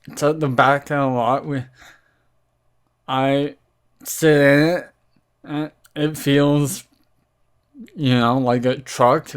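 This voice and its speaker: Slow, smooth-voiced young man rambling. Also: mid-range voice. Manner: rambling, halting, with many fillers and restarts; mildly irritated, recounting a complaint. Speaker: vlogger. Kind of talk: casual storytelling rant.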